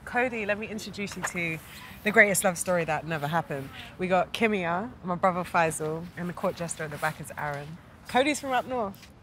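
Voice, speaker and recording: A woman's voice: fairly low pitch, animated, fairly quick, a bit bright, a little hiss or hum. A giggly playful young woman. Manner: giggly, teasing. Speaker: love interest. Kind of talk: film drama dialogue.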